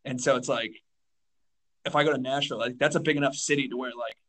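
A young man, a stand-up comedian, chats casually on a podcast in a mid-range, fairly bright voice that stays steady and moves fast. He rambles with lots of fillers and restarts, and says "dude" a lot.

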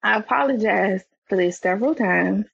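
A woman telling a story as a podcast guest, animated and expressive, her voice climbing higher when she gets excited. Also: normal speed, creaky, husky, no room sound, muffled recording. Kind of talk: animated storytelling in casual chat.

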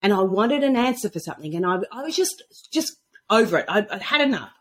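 Woman, podcast guest, husky voice, very lively pitch, animated storytelling, casual chat. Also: quick pace. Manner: animated storyteller acting out quoted dialogue. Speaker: guest author on intuition. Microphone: podcast microphone at a computer.

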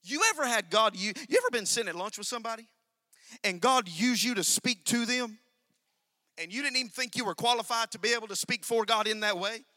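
A male preacher with a very high, bright, forceful voice, recorded dry and close. He preaches in a sing-song cadence that swells into shouting and drops to near-whispered asides. He keeps putting questions straight to the congregation. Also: brisk, no room sound. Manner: swings between loud, sing-song shouting and low, quiet asides; addresses the congregation directly with call-and-response questions. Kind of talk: sermon.

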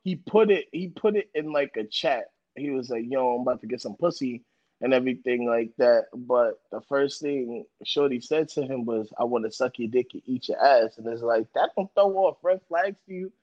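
A man's voice: medium pitch, normal speed. A man hosting a podcast, telling stories in a blunt, joking way. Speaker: podcast host. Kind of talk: casual chat. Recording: dull lo-fi sound.

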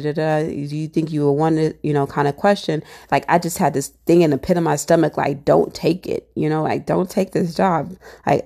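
A woman in her twenties sharing a personal faith testimony, animated and acting out her past thoughts with lots of "like" and "you know". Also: low-pitched.

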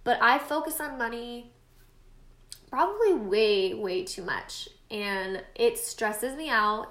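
Casual podcaster, woman in her late twenties, stuffy-nosed, somewhat high voice, roomy echo. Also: fairly bright tone. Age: late 20s. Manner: chatty, self-deprecating, encouraging. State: stuffy nose. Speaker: podcast host. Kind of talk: casual solo podcast monologue.

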